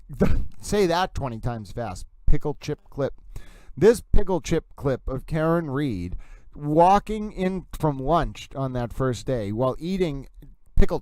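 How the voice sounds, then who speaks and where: Mellow-voiced man rambling through commentary. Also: on the high side, clear, resonant tone, no echo. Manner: rambling, self-interrupting. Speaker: host. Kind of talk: casual commentary on court videos.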